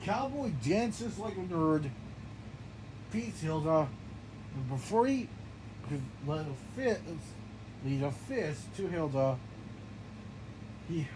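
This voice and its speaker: A man improvising a game narration in an excitable, stumbling way, often restarting his phrases. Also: fairly high pitch, slow, long pauses. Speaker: gameplay narrator. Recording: noisy background.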